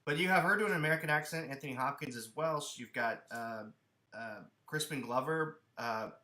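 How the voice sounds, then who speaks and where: Man, podcast co-host, casual movie chat, animated, restarts sentences, bright voice, roomy echo. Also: mid-range voice, fairly quick. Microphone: headphones and studio mic.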